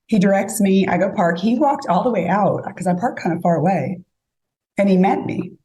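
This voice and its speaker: A woman's voice: mid-range voice, lively intonation, moderate pace, mellow. A woman telling a dating story in casual chat, acting out both sides of each exchange. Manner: chatty, acts out both sides of conversations. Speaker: guest storyteller.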